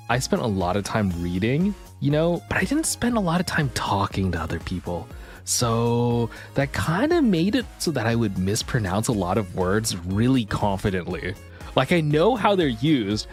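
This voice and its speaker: A man hosting a live stream, warmly welcoming viewers by name. His talk is bouncy and self-deprecating, and his pitch swings widely. He sounds slightly breathless, with soft music in the background. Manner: bubbly, greets chatters one by one. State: a little out of breath. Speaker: livestream host. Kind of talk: casual live-stream chat.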